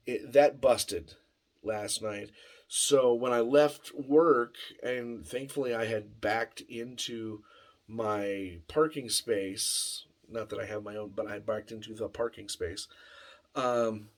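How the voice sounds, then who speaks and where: A man casually telling a rambling story in a workshop vlog, full of fillers and restarts. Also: medium pitch. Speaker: vlogger. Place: home workshop.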